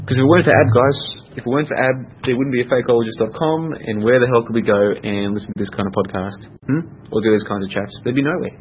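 A man's voice: medium pitch, fast, hardly any pauses. Man, podcast host, chatty, self-correcting, muffled lo-fi audio. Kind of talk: casual solo podcast chat. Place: home room. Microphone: computer mic. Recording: dull lo-fi audio with faint noise.

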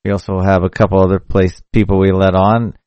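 Talking through a mic routed into a hardware audio box, this podcast host rambles casually on a solo live stream, frequently fixing himself mid-sentence. He has a deep, darkish voice with flat, fairly quick delivery. The sound is lo-fi without echo.

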